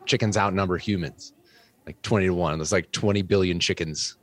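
Deep-voiced man making a confident case. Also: steady tone, moderate pace. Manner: confident, persuasive. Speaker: farmer arguing for chickens. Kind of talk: debate argument.

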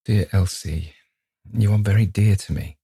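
A man's voice: lowish voice, measured pace, warm tone, husky, no room sound, studio quality, heavily acted. A man reading an anguished young man in an audiobook, muttering with strain.

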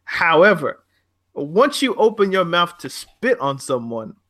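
A man's voice: fairly high pitch, unhurried. A man co-hosting a chat show, talking bluntly and getting heated, with frequent swearing. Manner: blunt, animated, swears freely. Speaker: podcast co-host.

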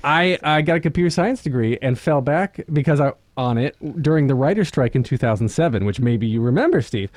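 A man's voice: mid-range voice, expressive, a little fast, hardly any pauses, darkish tone, no room sound. A man in his thirties co-hosting a podcast, playful and self-deprecating in casual chat. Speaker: podcast co-host.

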